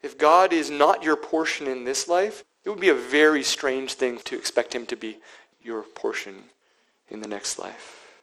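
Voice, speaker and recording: A male pastor preaching a sermon, dropping to hushed whispers and then building to loud, emphatic passages. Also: mid-range voice, measured pace, rough recording.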